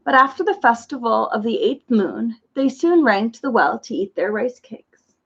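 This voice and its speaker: A woman reading a children's story aloud in an expressive storytelling manner. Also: fairly high pitch, normal speed, slightly rough. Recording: muffled lo-fi recording.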